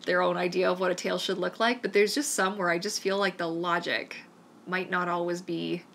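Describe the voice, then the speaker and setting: A woman's voice: on the low side, fairly even intonation, a little fast, fairly bright tone, a little hiss or hum. A Canadian woman hosting a live-stream Q&A, chatting in a rambling, enthusiastic way. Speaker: mermaid vlogger hosting a live Q&A. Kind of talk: casual live-stream chat.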